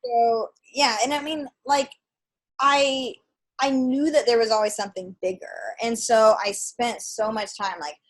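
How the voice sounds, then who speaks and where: A woman in her thirties from Idaho tells her story as a podcast guest. Her voice sits a little high, and she acts out quoted lines with plenty of fillers. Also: fairly even intonation, unhurried. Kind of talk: casual storytelling interview.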